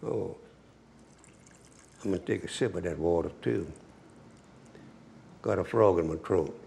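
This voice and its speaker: A man's voice: low voice, moderate pace, creaky, mellow, a little hiss or hum. A man giving a cooking demonstration as a home cook, folksy and chatty, talking straight to the viewer.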